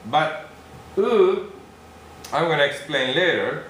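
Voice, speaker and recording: Slow-spoken teacher in a very echoey room. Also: male voice, mid-range voice, sing-song. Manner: slow, repeats syllables, checks in with "okay?". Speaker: Japanese language teacher. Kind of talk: classroom lesson. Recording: very echoey room with faint noise.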